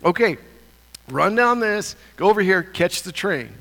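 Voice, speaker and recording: A man giving an animated church talk, telling a self-mocking story and climbing higher in pitch when excited. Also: a little slow, gravelly, in a large hall. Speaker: church speaker.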